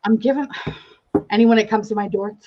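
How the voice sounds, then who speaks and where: A woman's voice: mid-range voice, fairly even intonation, normal speed. A woman hosting a casual livestream chat, giggly and self-mocking, with some swearing, heard over a video call. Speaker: livestream host. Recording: dull lo-fi stream audio.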